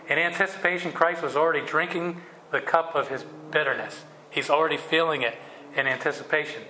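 Bright-voiced man leading Bible study. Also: on the high side. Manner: reads scripture aloud, then explains casually with fillers. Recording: echoey room with faint noise.

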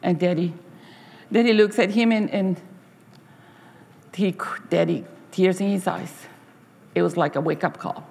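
A middle-aged woman giving a sermon as a church speaker, telling stories in a halting way, repeating words and acting out story voices. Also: on the low side, steady tone, gravelly, a little mellow, big-room sound.

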